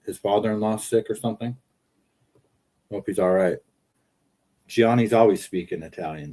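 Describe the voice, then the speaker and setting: A man with a fairly low voice hosts a loose livestream chat, talking into his phone from the car. He rambles from one thing to the next and reads viewer comments aloud with a joking edge. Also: moderate pace, pauses often, mellow. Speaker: livestream host.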